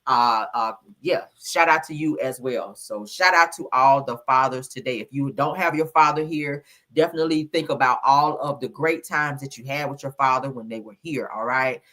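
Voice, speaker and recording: A woman's voice: rumbling low, normal speed, a bit bright. A woman hosting a casual gossip livestream, sassy and full of laughter, calling her viewers honey and child.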